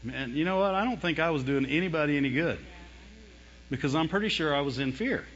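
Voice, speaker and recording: A man preaching a lively sermon, mimicking whining voices and laughing often as he talks. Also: on the high side, fairly quick, big-room sound. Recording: dull lo-fi sound.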